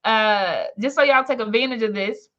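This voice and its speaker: A woman hosting a live webinar with lively energy, calling out chat names and welcoming everyone in. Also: on the high side, moderate pace, highs cut off. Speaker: webinar host. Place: home, in Maryland.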